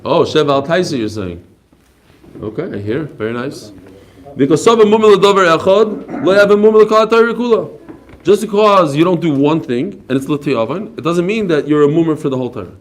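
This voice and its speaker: A man giving a daily Talmud class, telling stories with quick asides. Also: fairly high pitch. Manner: animated storytelling, quick asides. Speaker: Talmud teacher. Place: study hall class.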